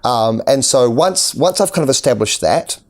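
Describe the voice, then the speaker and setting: A man's voice: mid-range voice, expressive, normal speed. A man, an actor and acting tutor, earnestly explaining his teaching methods in an interview, often restarting his sentences. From New Zealand. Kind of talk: interview answers.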